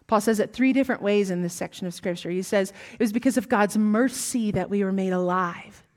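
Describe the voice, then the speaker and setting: A woman with a Southern US accent preaching a sermon, with emphatic rising lines and hushed, whispered asides. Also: medium pitch, fairly quick.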